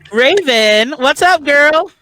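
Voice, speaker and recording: A man hosts a relaxed interview over a video call, gushing with praise and laughing easily. He talks slowly and his voice has a bright edge. The sound is dry and close. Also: very high-pitched, dry recording, poor audio. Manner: effusive, praising, laughs often. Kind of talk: casual interview chat.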